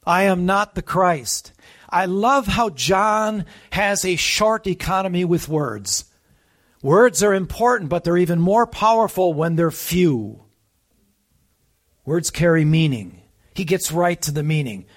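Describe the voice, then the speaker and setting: A man delivers a conversational sermon, explaining scripture verse by verse. His voice sits a little high for a man. He leans hard on the key points and keeps checking in with his listeners through rhetorical questions. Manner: emphatic, with rhetorical asides to the listeners. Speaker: preacher teaching a Bible passage.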